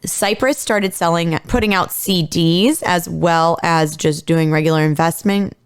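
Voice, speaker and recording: A woman in her thirties recounts a true-crime story on a podcast, chatty and loose with fillers and the odd swear word. Her voice comes through smooth and clear. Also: lowish voice, unhurried. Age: 30s. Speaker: podcast co-host.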